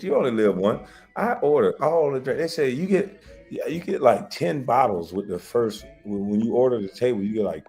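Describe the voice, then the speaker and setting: A man telling wild stories in a casual chat, laughing often and swearing freely. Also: fairly low pitch. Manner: loud, laughing, swearing storyteller. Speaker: show host.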